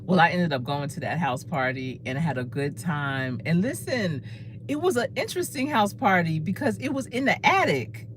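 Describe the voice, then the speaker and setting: A woman in her fifties tells a casual story with an animated, swooping voice. She laughs often as she talks. A faint hum of room noise sits behind her. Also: deep voice, normal speed. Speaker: career coach.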